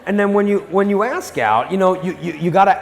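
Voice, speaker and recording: Male speaker, lively and jokey, fairly high voice; live talk recorded with a long hall reverb. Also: a little fast, gravelly. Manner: animated and joking, acts out quoted people. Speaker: Catholic speaker on dating and marriage. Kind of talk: live motivational talk to an audience.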